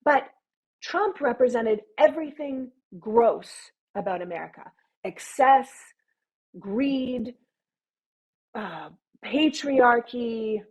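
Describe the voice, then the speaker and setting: A woman's voice: on the high side, expressive, slow, pauses often, dull audio. A woman, a podcast guest making emphatic, opinionated points in casual interview talk. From Canada. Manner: emphatic, opinionated, builds points in long runs.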